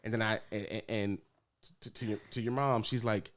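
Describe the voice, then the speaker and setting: Podcast co-host, man, low voice, animated casual rants. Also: normal speed. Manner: animated, swears freely, laughs. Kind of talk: casual sports chat.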